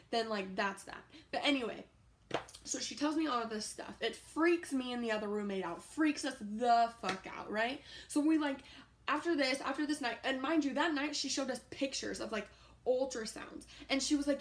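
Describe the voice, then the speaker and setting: A young woman in her twenties rambles through a storytime vlog. She is loud with profanity and full of fillers. Her voice sits a little high. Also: moderate pace. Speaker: YouTuber.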